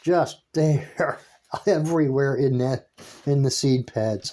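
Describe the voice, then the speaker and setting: Guy doing a casual vlog, slow and mellow, kinda rambly, trips over his words. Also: medium pitch. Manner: rambling and halting, with frequent restarts; easily delighted, with soft laughs. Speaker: worm-composting vlogger.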